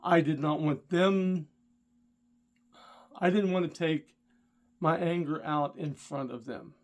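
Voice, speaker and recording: A man's voice: a little high, fairly even intonation, takes it slowly. A middle-aged man, a rideshare driver and channel host, telling a story straight to the viewer and getting worked up and indignant. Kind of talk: casual storytelling vlog.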